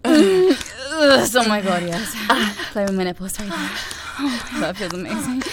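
A woman's voice: a little high, lively intonation, a little slow, a loud crowd. A woman playing a bossy, teasing young woman. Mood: commanding. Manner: commanding, teasing. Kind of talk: adult audio role-play.

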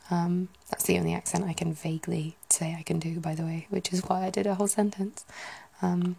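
A British woman in whispered ASMR chat, musing aloud softly and rambling. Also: lowish voice, flat delivery, fairly quick, creaky, few pauses, breathy edge. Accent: British English.

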